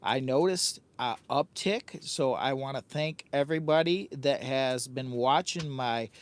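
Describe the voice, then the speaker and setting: A man's voice: medium pitch, measured pace. Chatty older man camping in a tent. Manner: chatty, repeats himself, talks about himself in the third person. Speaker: camping livestream host. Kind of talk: casual livestream chat. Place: hot tent outdoors on a windy day.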